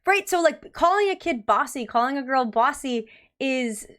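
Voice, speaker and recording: A young woman hosting a casual interview, chatty and animated, with lots of filler words. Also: sits high, moderate pace. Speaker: host.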